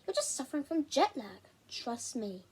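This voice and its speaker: Woman voicing an eerily calm boy. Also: high voice, normal speed, husky, full character voice. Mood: creepily calm. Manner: calm, soothing.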